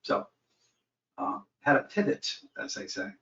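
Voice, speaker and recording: Picked up by a distant mic that leaves the audio echoey and dull, a man calling in as a new coaching client chats casually. He's self-deprecating as he tells his story, unhurried, with a fairly bright tone.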